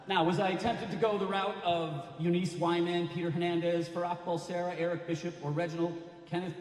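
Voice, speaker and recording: A man in his fifties from Connecticut gives a dramatic live storytelling reading, switching between quiet asides and shouted bursts. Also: high voice, brisk, hardly any pauses. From Connecticut, USA. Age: 50s. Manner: animated, dramatic, shouts sudden bangs. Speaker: storyteller performer. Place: library hall. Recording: echoey library hall.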